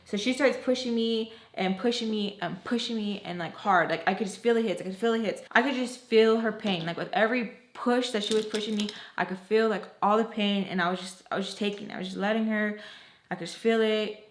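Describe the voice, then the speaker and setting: A woman's voice: mid-range voice, a little fast. Chatty young woman telling a storytime. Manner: chatty, heavy use of "like" and "you guys"; expressive, retelling scenes with quoted dialogue. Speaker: storytime vlogger. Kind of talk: casual storytime narration. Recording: roomy echo.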